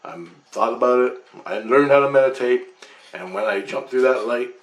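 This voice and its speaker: A man's voice: mid-range voice, moderate pace. A man telling his own story in a casual, emphatic way, swearing and restarting as he goes, recorded on a computer webcam. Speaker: vlogger recounting a past-life recall. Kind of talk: casual first-person storytelling. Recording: roomy echo.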